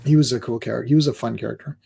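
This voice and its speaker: Jokey Canadian man, mellow voice. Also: medium pitch, fairly even intonation, rapid-fire, vocal fry, slightly rough. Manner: rambling, jokey, tells anecdotes with quoted voices. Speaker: comic book podcast co-host. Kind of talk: casual chat.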